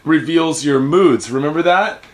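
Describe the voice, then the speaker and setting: A man's voice: fairly high pitch, unhurried. A man co-hosting a casual podcast, rambling and swearing, often laughing. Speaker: podcast co-host. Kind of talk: casual crude podcast banter. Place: Japan.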